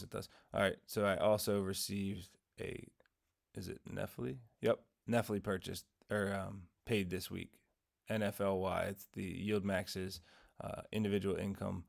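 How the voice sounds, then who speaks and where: A man's voice: low-pitched, vocal fry. A man hosting his investing channel, giving a casual, rambling weekly recap of his trades and dividends in his morning voice, correcting himself as he goes. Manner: rambling, self-correcting, tells dad jokes.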